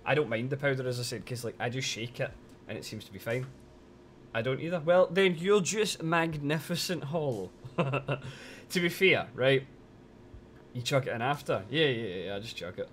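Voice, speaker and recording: A man's voice: mid-range voice, a little fast, a little hiss or hum. A man chatting casually on a live stream, teasing his chat and swearing a lot while complaining that he is cold.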